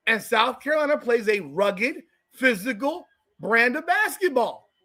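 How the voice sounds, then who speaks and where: A man's voice: very high voice, very animated, unhurried, sharp tone. A man from South Florida hosting a live watch-party podcast, ranting profanely and heatedly over the game. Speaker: podcast host.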